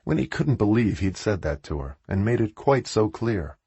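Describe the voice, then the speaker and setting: A man narrating an audiobook in a low, husky voice with a lively, rising and falling delivery. He reads in a measured way, and the recording is dry and close with no room sound. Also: no room sound.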